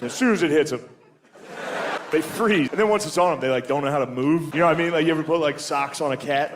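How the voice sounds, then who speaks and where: A man's voice: fairly high pitch, fast talker. Crude stand-up comic man, noisy recording. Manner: crude, casual, says dude a lot, breaks into loud voices. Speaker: stand-up comedian. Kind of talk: stand-up comedy set.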